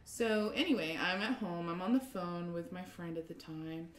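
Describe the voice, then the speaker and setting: A young adult woman, an artist guest, telling a story in an excitable, rambling way with frequent laughter and fillers. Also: on the low side, moderate pace, a little hiss or hum. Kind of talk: animated storytelling. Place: art studio. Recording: roomy, distant mic, faint ambience.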